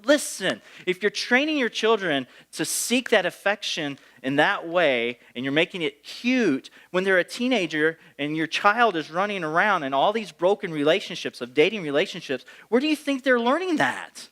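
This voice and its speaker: A man's voice: on the high side, very animated, normal speed, few pauses, pushed and bright. A man, the pastor, preaching a sermon in a conversational way, with asides and playful impressions of parents.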